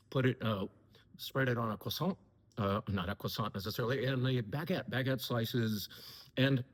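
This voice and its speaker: A man's voice: medium pitch, breathy edge, long reverb tail. A man hosting a casual talk to camera from a wine shop, chatty, with many fillers and self-corrections.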